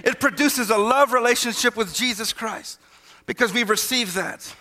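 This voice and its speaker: A man's voice: very high voice, normal speed, sharp tone, in a large hall. A man preaching a sermon as pastor, emphatic, calling out questions to the congregation.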